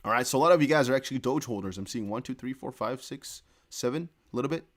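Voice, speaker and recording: A man hosting a casual live crypto news stream, excitably thinking aloud as he reads viewer chat and posts. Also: mid-range voice, quick pace. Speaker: crypto news livestream host.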